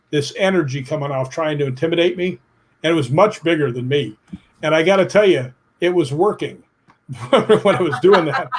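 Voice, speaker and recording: A slightly high, breathy-edged voice belongs to a middle-aged male guest recounting stories in an interview. Animated and plainspoken, he voices other people's quotes, stresses his points, and swears casually.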